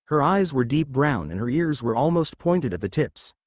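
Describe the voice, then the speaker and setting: A man reading a fan fiction story aloud, with small pitch shifts to mark the dialogue. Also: sing-song, normal speed, a little mellow, no room sound, studio quality. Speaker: narrator. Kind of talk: scripted fan fiction narration.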